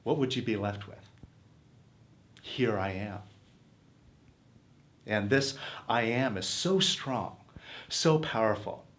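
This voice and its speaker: A man's voice: medium pitch, lively intonation, unhurried, fairly bright tone. A man teaching self-help in an earnest, coaxing motivational talk, posing questions to his listeners.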